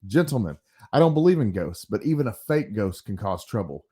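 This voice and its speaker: A man's voice: on the low side, very animated, fairly quick, dark tone, husky. A man reading aloud from a comic as a stern middle-aged mayor giving a firm, formal address.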